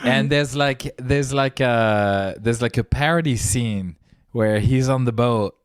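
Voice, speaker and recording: A man's voice: medium pitch, takes it slowly, clear, resonant tone, no echo, studio quality. A man with a French accent, a guest joining a casual podcast chat and joking along. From France.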